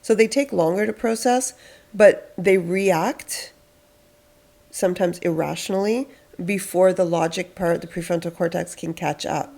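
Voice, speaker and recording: A woman counsellor hosting a podcast, explaining calmly and acting out what parents say. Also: fairly low pitch, measured pace, vocal fry. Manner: explains patiently, acts out parents' lines. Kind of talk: casual advice chat.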